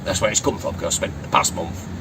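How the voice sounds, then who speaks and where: A man's voice: deep voice, fast. A man from Blackpool with a Lancashire accent, chatting as an interview guest, rambling and swearing freely. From Blackpool, England. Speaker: interview guest, yacht crew. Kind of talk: casual chat. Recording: distant mic with urban background noise.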